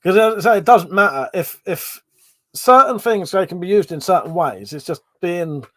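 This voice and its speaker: Male streamer, casual and chatty, slightly high pitch, dry close sound. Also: animated, moderate pace, bright, forceful tone, no echo. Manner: chatty, reads out viewer comments, swears casually. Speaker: livestream host. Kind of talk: casual livestream chat.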